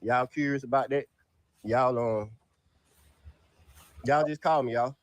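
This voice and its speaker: A man, casually pitching his dogs for sale to viewers outdoors in his yard, peppering his talk with "y'all". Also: takes it slowly, dry recording. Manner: drawls "y'all" constantly, Southern US dialect. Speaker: dog breeder selling dogs.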